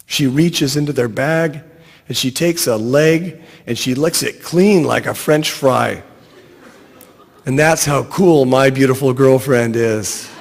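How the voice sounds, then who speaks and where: Middle-aged guy reading his story out loud, dry and even, mid-pitched, big hall echo. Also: breathy edge. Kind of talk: reading a short story aloud.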